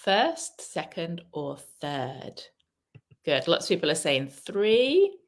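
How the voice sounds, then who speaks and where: On a live stream, a woman teaches English by quizzing her viewers, reading their comments aloud, praising their answers and stressing pronunciation. Her fairly low voice moves slowly with big swings in pitch.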